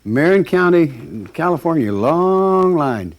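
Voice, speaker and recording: A man voicing a brisk male clerk who arranges births for souls, talking in breezy salesman patter. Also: on the high side, sing-song, voice pushed up.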